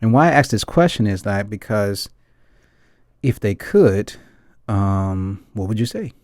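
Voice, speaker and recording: Host, male, from the States. Warm, relaxed voice, dry close sound, loose reflective chat with lots of asides to the audience. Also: lowish voice, unhurried, dry recording. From United States. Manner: earnest and rambling, keeps asking the audience "right?" and "guys". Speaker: film discussion host.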